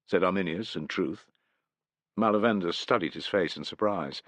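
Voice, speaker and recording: A man's voice: low voice, lively intonation, moderate pace, a bit bright, no room sound. A man narrating a historical war novel in a scripted, dramatic reading. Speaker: audiobook narrator.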